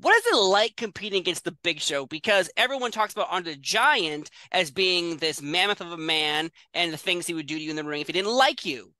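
A male interviewer asking questions in an emphatic, lively way. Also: sits high, a little fast, few pauses, dry recording.

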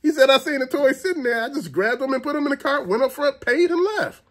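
A man's voice: very high-pitched, fast talker. A middle-aged man telling a funny, profane story in a rant, acting out what people said and laughing often. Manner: animated, profane, acts out quotes, laughs often. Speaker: show host.

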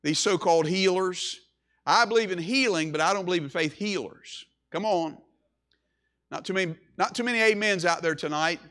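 A man's voice: high-pitched, normal speed, sharp tone. A man preaching a sermon as pastor, emphatic, with repeated phrases and swelling emphasis.

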